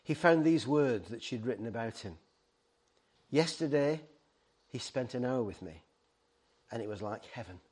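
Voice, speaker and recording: A man's voice: medium pitch, lively intonation, moderate pace, pauses often, a little mellow. A middle-aged man preaching a sermon, earnest and pleading, stumbling over words and restarting. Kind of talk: sermon to a ministry team.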